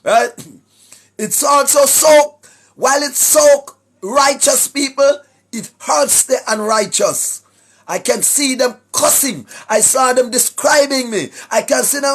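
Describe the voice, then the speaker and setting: A Jamaican man giving a preachy monologue to his viewers, emphatic, often shouting, tagging his points with questions. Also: very high-pitched, slow pace, faint music behind. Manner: emphatic, often shouting, tags lines with "right?". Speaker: online commentator.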